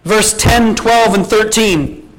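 A man's voice: sits high, slow pace, a bit bright, slight background noise, rough recording. A man preaching a sermon as pastor, talking casually and putting many questions to his congregation, with scripture quotes mixed in. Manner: quotes scripture at an easy speaking pace.

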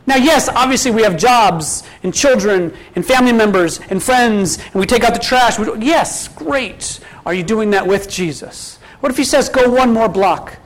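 Guy pastor with a pretty high voice, chatty sermon, keeps asking the congregation stuff. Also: lively intonation, normal speed, hardly any pauses, poor audio. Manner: conversational, asks the congregation many questions; quotes scripture at an easy speaking pace.

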